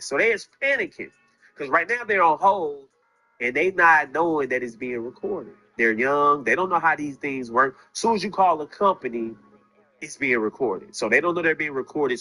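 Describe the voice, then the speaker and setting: A man's voice: fairly high pitch, animated, normal speed, sharp tone, faint music behind. A man commentating on a case, speaking emphatically, with rhetorical questions to his viewers. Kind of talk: true-crime commentary.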